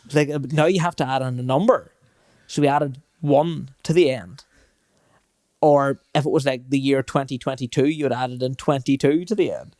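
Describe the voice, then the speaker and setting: Male podcast co-host, mid pitch, dry close mic, chatty storyteller who laughs mid-sentence. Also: steady tone, moderate pace, a little mellow, no room sound. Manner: storytelling, laughs often while talking. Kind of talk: casual chat.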